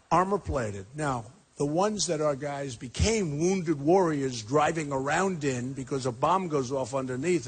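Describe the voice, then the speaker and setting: A man in his sixties giving a rambling, emphatic campaign rally speech in a packed high school gym, repeating his points and talking straight to the crowd. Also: slightly rough. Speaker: political candidate.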